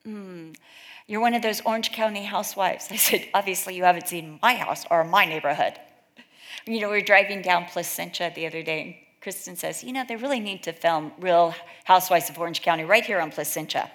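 A woman's voice: on the low side, fairly quick, a bit bright. Chatty woman telling stories at a Bible study. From California. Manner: chatty storytelling, acts out quoted voices. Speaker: women's Bible study speaker. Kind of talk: informal sermon with anecdotes.

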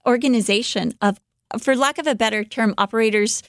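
A woman co-hosting a podcast, telling a life story in an animated way, with many fillers, and acting out the quotes. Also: on the high side, brisk, no echo, studio quality. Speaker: podcast co-host telling a biography. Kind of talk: casual storytelling chat.

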